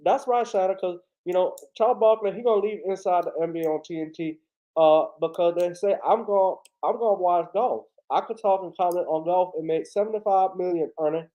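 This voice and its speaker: A man's voice: high-pitched, highs cut off, natural voice. A man doing an impression of a blunt, rambling male basketball commentator. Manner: blunt, rambling, quick bursts.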